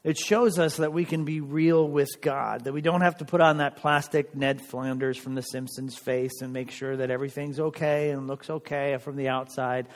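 A man's voice: medium pitch, steady tone. Man preaching in an echoing hall. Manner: earnest, conversational preaching with emphatic pauses. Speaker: pastor. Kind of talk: sermon.

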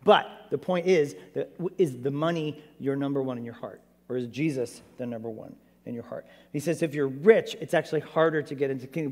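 A man preaching a sermon as pastor, animated and conversational, asking his church many rhetorical questions. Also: on the high side, in a large hall.

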